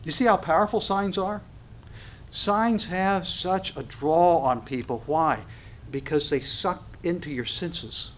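Guy preaching a sermon, kinda high voice, lively, acts out back-and-forth bits. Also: slow pace, a little hiss or hum. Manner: animated, acts out dialogue, laughs often.

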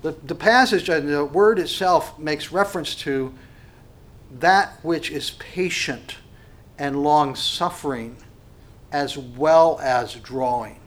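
A man preaching a sermon, emphatic, repeating words and swinging between loud and quiet passages. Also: a little high, slow. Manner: emphatic, varies volume, repeats phrases. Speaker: pastor.

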